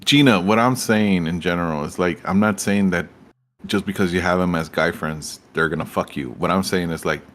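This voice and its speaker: Blunt low-voiced man swearing casually. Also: moderate pace, a bit bright, a little hiss or hum. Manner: blunt, swears a lot, rambling. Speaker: livestream host. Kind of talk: casual profane chat.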